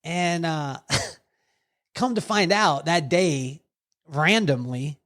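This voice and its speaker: A man telling stories on a podcast with a somewhat high voice. He talks in an animated way and acts out other people's lines as he quotes them. He sounds like a relaxed guest recounting anecdotes. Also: extremely slow. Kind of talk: storytelling conversation.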